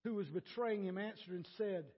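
High, husky-voiced male pastor preaching. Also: a little fast, dull audio. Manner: repeats words, addresses congregation by name; swings from quiet to loud and emphatic. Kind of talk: sermon.

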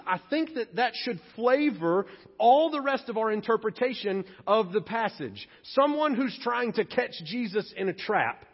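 A man's voice: high-pitched, breathy edge. A pastor preaching a sermon, earnest and emphatic, who often acts out the people he quotes. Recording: long reverb, dull lo-fi sound.

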